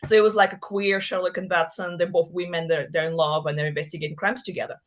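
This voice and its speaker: A woman's voice: lowish voice, flat delivery, quick pace. A woman author from Russia, chatting casually in an interview, with frequent laughs and fillers like "you know" and "like". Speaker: author guest.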